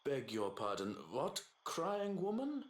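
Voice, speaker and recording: A woman voicing a stoic, formal older male head butler with a German accent, speaking politely and in measured tones. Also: sits low, huge pitch swings, reverberant, voice pushed down, exaggerated voice. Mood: formal calm.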